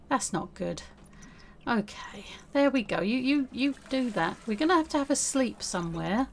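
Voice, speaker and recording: A woman's voice: fairly high pitch, big pitch swings, moderate pace, slight background noise. A young woman chatting casually through a life-sim game as the host, talking to her character as she plays. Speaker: gaming video host. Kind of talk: casual let's-play commentary.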